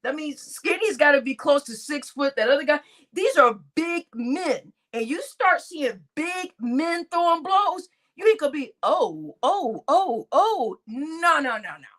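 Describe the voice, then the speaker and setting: A woman vlogger giving casual commentary, telling stories in a slangy, animated way and often breaking into laughter. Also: high-pitched, a little slow. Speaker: vlogger reacting to news.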